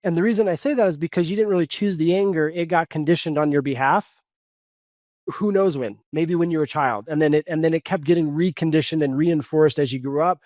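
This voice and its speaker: A man explains his coaching ideas in a podcast interview, his voice sitting a little high. He talks earnestly and step by step, voicing his inner dialogue in short quoted lines. The sound is close and dry. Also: brisk, a little mellow, dry recording. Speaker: guest coach.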